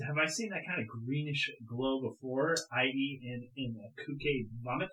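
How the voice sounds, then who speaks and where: A man taking part as a player in a tabletop game, making joking, deadpan asides. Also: medium pitch, normal speed, roomy sound, poor audio.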